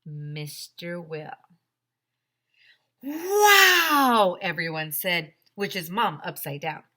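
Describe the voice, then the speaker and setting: A woman teacher reading a children's chapter book aloud, animated and full of character voices. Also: low-pitched, slow. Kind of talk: children's storybook read-aloud.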